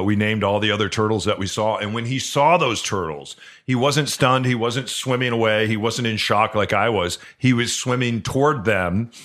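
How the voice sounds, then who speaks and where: A man co-hosting a podcast who tells a personal story in earnest, halting speech full of restarts. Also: lowish voice, a bit bright. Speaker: podcast co-host. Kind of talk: storytelling in casual chat.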